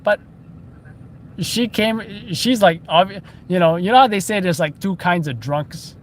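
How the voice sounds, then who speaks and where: A man's voice: sits high, unhurried, a little hiss or hum. A man giving chatty, wry running commentary while filming live on a city street at night. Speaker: street news videographer.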